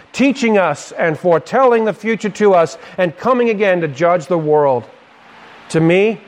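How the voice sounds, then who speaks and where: High-voiced man preaching emphatically. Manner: emphatic, repetitive preaching cadence. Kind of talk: sermon.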